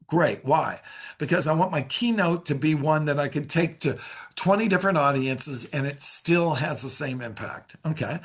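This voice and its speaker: A man's voice: fairly high pitch, a bit bright, breathy edge. A middle-aged man teaching a leadership lesson to sales managers, energetically acting out both sides of coaching conversations. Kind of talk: leadership lesson to a live class.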